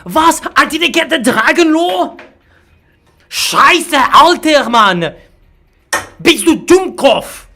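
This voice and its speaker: A man impersonating an angry German-speaking male streamer who shouts German swears into English. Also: very high voice, very animated, slow, long pauses, pitched above the performer's own voice, exaggerated voice. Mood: outraged.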